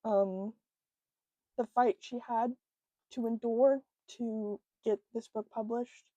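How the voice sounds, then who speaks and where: Mellow-voiced woman, emotional book vlog. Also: fairly high pitch, steady tone, dry recording, lo-fi sound. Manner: emotional, halting, many fillers. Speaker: book vlogger. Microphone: own microphone close up.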